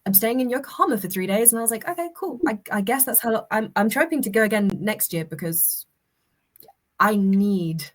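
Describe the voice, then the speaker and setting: A woman's voice: mid-range voice, lively intonation, fairly quick. A woman telling stories as a guest in a casual chat, restarting sentences as she goes. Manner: chatty storyteller with many restarts.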